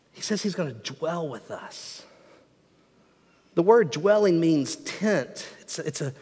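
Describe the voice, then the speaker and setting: A pastor preaching a sermon in a church sanctuary, dropping to near-whispers and rising to shouts. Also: male voice, high-pitched. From Southern United States. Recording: long hall reverb.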